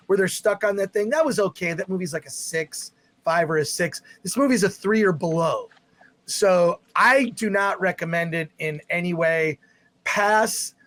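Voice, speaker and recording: A man hosting a live stream, giving a rambling, exasperated spoken movie review. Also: sits high. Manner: rambling, exasperated, with restarts and loud outbursts.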